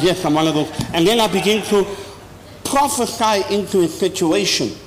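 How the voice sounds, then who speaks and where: A man preaching a sermon as an apostle, with sudden loud high bursts and slow emphatic phrases. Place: large church hall. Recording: long hall reverb, faint noise.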